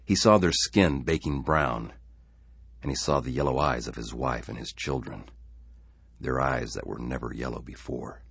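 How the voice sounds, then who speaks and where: A man reading a story aloud in an expressive, measured way. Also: a bass voice, vocal fry, husky, dry recording. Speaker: narrator.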